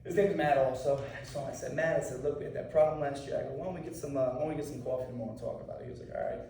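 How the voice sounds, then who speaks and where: A martial arts instructor talking casually to a class of students, often checking in with "okay?" and "right?". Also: male voice, medium pitch, steady tone, rapid-fire, dark tone, slight background noise. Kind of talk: anti-bullying talk to a class. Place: school room with students. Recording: echoey room, mic far off.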